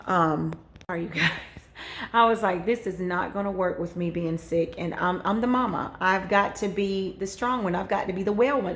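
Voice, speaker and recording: A mother in her thirties recounts a personal story in an easy, earnest vlog voice. Her pitch sits in a middle range, and she often pauses on fillers and quotes her own past thoughts. The voice rings off the walls of an echoey room. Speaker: homemaking vlogger, mother. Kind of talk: casual storytelling.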